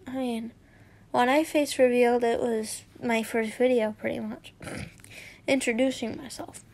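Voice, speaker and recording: A woman's voice: a little high, fairly even intonation, measured pace, vocal fry, darkish tone. A woman reading fanfiction aloud, giggly and chatty, often stopping to comment. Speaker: fanfiction reader.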